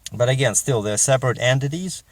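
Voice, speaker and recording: A man's voice: medium pitch, a little fast, no room sound. A middle-aged man with a Russian accent, chatting in a casual vlog as a truck driver and rambling with many fillers and restarts.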